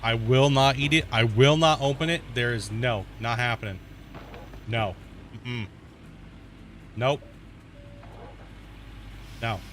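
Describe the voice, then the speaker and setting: Casual male gamer, slangy dude-and-bro talk, mid-pitched voice, faint noise in the background. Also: fairly even intonation, slow pace, pauses often. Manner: laid-back slangy chatter, says dude and bro. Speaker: gaming streamer. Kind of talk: casual let's-play commentary.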